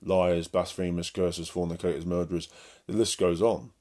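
A man's voice: low-pitched, flat delivery, normal speed, darkish tone. A man preaching as an evangelist in a blunt, combative monologue to his listeners.

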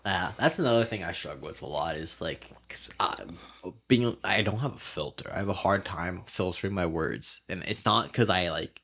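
Man, young adult, low-pitched, loose rambling podcast chat, fillers and swearing. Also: animated, normal speed, fairly bright tone. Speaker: podcast co-host. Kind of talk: casual chat.

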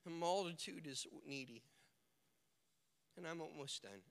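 A male pastor preaching a sermon, swinging from hushed lines to shouted ones and acting out the people in his stories. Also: on the high side, unhurried, creaky. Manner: acts out quoted characters in the stories. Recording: long hall reverb.

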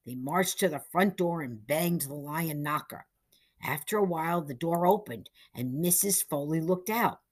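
A woman narrating a short story with dramatic, expressive delivery. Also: sits low, normal speed. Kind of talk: reading a short story aloud.

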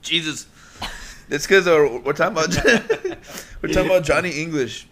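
Recording on a desk USB microphone at home, a man in his late twenties hosts a casual podcast, laughing a lot as he rambles. His voice is a little high, expressive, and a bit bright, at a moderate pace.

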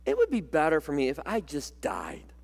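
A preacher voicing a sulking furious prophet. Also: male voice, fairly high pitch, wildly swooping pitch, normal speed, creaky, darkish tone, full character voice. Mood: angry, sulking. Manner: whining, indignant.

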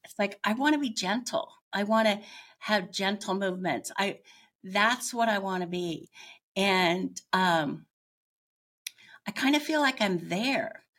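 A middle-aged woman, a podcast guest, telling her own story in a candid, reflective way and pausing often as she searches for words. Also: mid-range voice, a bit bright. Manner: candid, searching, with frequent pauses.

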